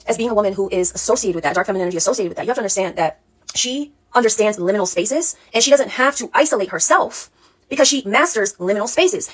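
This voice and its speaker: Woman, spiritual coach, rapid-fire delivery, husky tone, blunt, sassy, profane. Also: medium pitch. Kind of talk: casual vlog monologue.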